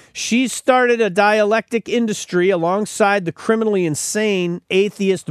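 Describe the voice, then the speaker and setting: High, animated man ranting on a podcast. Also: no room sound, clean studio sound. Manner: emphatic, repeats words when starting sentences. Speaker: podcast host. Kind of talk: opinionated commentary.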